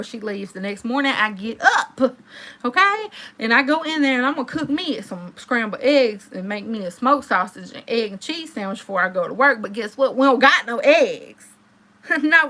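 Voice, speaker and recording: A woman in her thirties chatting to live viewers, telling a story in a lively, animated way and talking straight to her audience. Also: fairly high pitch. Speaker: live-stream host.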